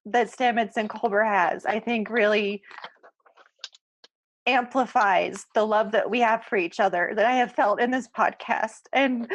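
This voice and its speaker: A woman's voice: fairly high pitch, poor audio. A woman co-hosting a podcast roundtable, speaking earnestly and close to tears, often repeating words. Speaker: podcast co-host. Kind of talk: emotional roundtable chat.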